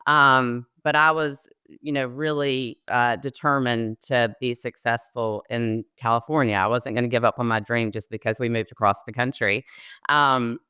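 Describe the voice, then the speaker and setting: In a clean, dry studio recording, an extremely low, steady, sharp yet smooth female voice speaks at normal speed. The middle-aged Southern American loan officer is a talkative guest sharing her career story in an interview, full of ums and easy laughter.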